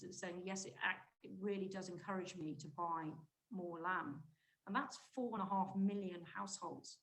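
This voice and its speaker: A woman giving a conference presentation on shopper research, talking briskly and emphatically with frequent restarts mid-phrase. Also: medium pitch, vocal fry, low-quality recording. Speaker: conference speaker, market insight director.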